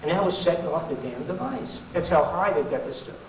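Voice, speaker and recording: A middle-aged man speaks to an audience in a folksy, sarcastic, rambling way, full of asides. His voice sits somewhat high for a man. He was taped from a distance in a roomy hall with faint background ambience. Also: animated, a little fast, a little hiss or hum. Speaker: public speaker. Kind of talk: informal political talk to an audience. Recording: echoey 1990s hall recording from far off.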